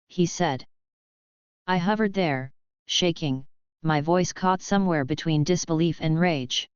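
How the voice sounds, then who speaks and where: A woman reads a fanfiction audiobook at an unhurried pace in a low-set, very crisp voice. The sound is dry and a little dull and lo-fi, with no room around it. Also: no room sound. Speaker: audiobook narrator. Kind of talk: first-person fanfiction audiobook narration.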